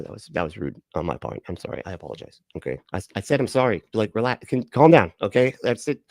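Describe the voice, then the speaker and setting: A man's voice: fairly low pitch, gravelly, darkish tone, dry recording. A man hosting a casual livestream, reacting to videos and greeting chat in a sarcastic, laid-back, profane way. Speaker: livestream host.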